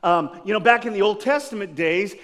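A male pastor with a noticeably high speaking voice delivers a sermon full of lively personal storytelling, acting out scenes as he goes. His words ring out with a long reverb through a church sanctuary. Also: a little fast. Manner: lively storyteller who acts out scenes with laughter.

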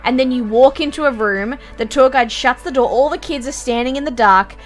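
A young woman, telling stories and reacting on a stream in a giggly, animated way, swearing casually. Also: sits high, fairly quick, faint music behind.

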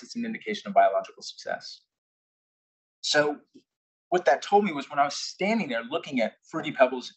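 A man's voice: medium pitch, slightly rough, rough recording. A young man giving an invited talk to a live audience, telling a candid personal story and now and then acting out what people said. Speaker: invited speaker. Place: corporate headquarters presentation room.

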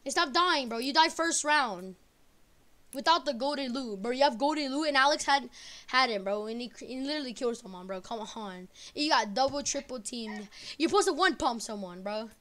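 A woman streaming a game with teammates, yelling and trash-talking loudly with lots of swearing. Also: sits high, expressive, fairly quick. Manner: loud, profane trash-talking. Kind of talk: live game-stream chatter. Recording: noisy stream audio.

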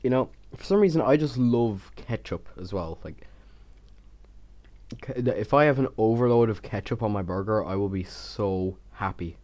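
Young male YouTuber, low and soft-toned, chatty and self-mocking, stutters. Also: normal speed. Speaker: Minecraft YouTuber. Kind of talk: casual voice-over of a build time lapse.

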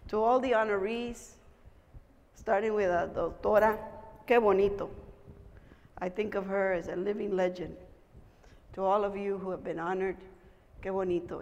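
A Mexican American woman giving a conference speech, telling stories with animated energy and switching between English and Spanish. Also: medium pitch. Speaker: keynote speaker. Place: conference hall. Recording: echoey hall, crowd noise.

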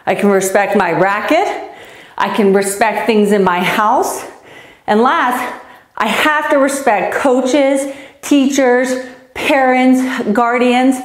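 A woman's voice: a little high, roomy sound. A woman coaching a youth tennis class in an upbeat, encouraging way, counting down and cheering the kids on as she exercises. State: out of breath. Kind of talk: energetic live-stream fitness coaching.

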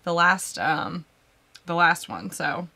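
A woman's voice: lowish voice, animated, slow pace, creaky, pushed and bright. A woman co-hosting a live whiskey show, chatting casually and reading out viewer comments. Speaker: podcast co-host.

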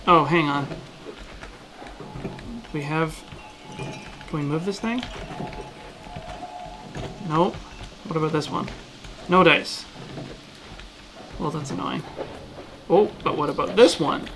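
A man playing a game on stream, joking and reacting excitably in casual commentary. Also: on the high side, slow pace, long pauses, music in the background. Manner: jokey, excitable, goofy asides.

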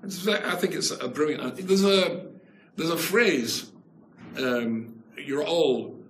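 Man, rabbi, Torah class, animated, emphatic, fairly high voice, echoey room, faint noise. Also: takes it slowly. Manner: animated, emphatic, Yiddish and Hebrew terms. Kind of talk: Torah class, storytelling lecture.

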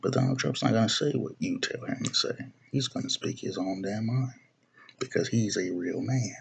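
There's slight background noise as a young video blogger, speaking at a moderate pace in a fairly low, gravelly voice, delivers a political rant to camera. He's blunt and swears freely, often circling back to repeat and restart his phrases.

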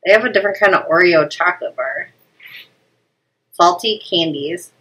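A woman's voice: lowish voice, moderate pace, sharp tone, slightly rough, low-quality recording. A woman in her thirties hosting a casual family snack unboxing, chatty and laughing often, stumbling over foreign names. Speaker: family channel host.

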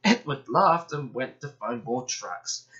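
Fields: Sex: man. Style: bedtime story reading. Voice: lively, bright. Sound: dull lo-fi. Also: medium pitch, slow. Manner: gentle, expressive reading.

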